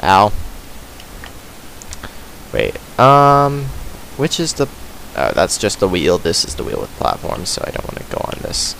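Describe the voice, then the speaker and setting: A man chatting casually over his own gameplay. His pitch swings up and down as he mutters sarcastic, self-mocking remarks. A faint steady hiss sits under the voice. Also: unhurried, creaky, pauses often, low-quality recording. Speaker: let's play host. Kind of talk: casual gaming commentary.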